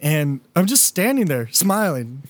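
A man's voice: fairly high pitch, sing-song, measured pace, dry recording. A young man animatedly telling a funny story as a podcast host, laughing often and swearing. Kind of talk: casual storytelling.

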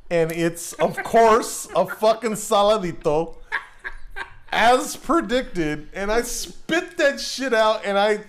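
A man's voice: high voice, animated, slow pace. A man telling a profane story in casual chat, acting out both sides of the exchange.

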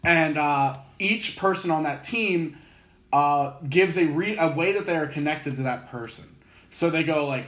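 A man's voice: on the high side, a little fast, echoey room. A man co-hosting a casual podcast, retelling a comedy show with lots of fillers and restarts. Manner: animated storyteller, many fillers and restarts. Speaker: podcast co-host.

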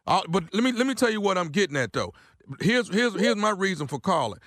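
Blustering high-voiced man ranting. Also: sing-song, fast talker, a bit bright, no echo, studio quality. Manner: blustering, repetitive complaining. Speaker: angry caller. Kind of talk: ranting phone call.

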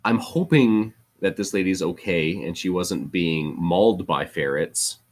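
A man chatting casually with a wry, teasing, deliberate manner. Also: sits low. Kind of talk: casual chat.

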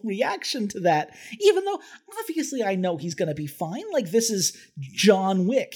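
A man's voice: high-pitched, darkish tone. A man in casual podcast chat, breaking down a film earnestly and analytically.

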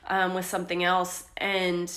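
Young woman, podcast co-host, bright voice, animated storytelling, echoey room. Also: lowish voice, unhurried. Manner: candid, animated storytelling with laughs. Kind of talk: casual faith podcast chat.

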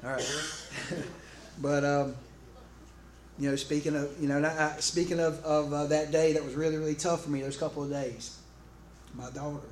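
Man, pastor, sermon, conversational, calls out to the congregation, slightly high voice, echoey hall. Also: normal speed. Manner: animated, conversational, with many restarts. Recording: echoey room with faint background noise.

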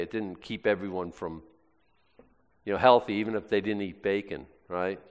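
In a reverberant hall, a pastor with an American accent delivers a casual, folksy sermon, rambling and often cutting himself off. His voice is fairly low and smooth.

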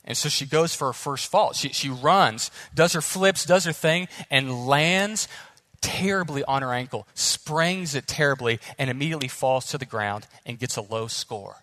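A young man preaching a sermon as pastor, earnest and animated, speeding up as the story builds. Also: medium pitch, moderate pace, no room sound.

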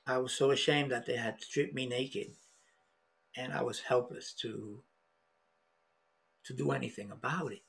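A middle-aged man telling a personal story in an emotional, halting way, with many restarts. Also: medium pitch, fairly even intonation, vocal fry, a bit bright, slightly rough. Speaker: podcast guest.

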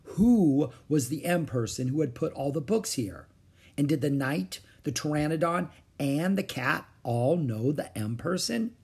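A man reading a children's chapter book aloud with expressive, varied intonation. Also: fairly high pitch, a little slow, breathy edge. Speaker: audiobook narrator.

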